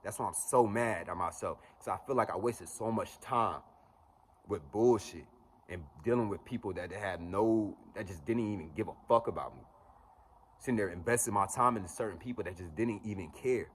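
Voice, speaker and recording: A young man in his twenties talks straight to camera in a blunt, cussing pep talk, his voice sitting fairly low. A faint hum of room ambience runs behind him. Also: moderate pace. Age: 20s. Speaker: motivational vlogger. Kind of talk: unscripted motivational monologue.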